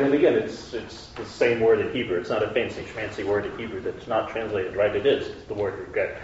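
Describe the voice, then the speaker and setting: A man's voice: fairly low pitch, steady tone, fairly quick, few pauses, a little mellow, a little hiss or hum. A man teaching a conversational Bible study lesson. He asks his listeners questions and often checks that they are following. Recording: echoey room, distant dull mic.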